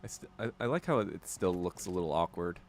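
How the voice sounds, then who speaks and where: A man's voice: deep voice, lively intonation, a little fast, slight background noise. A man hosting a podcast, joking through casual gameplay commentary. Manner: joking, laughing often. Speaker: podcast host.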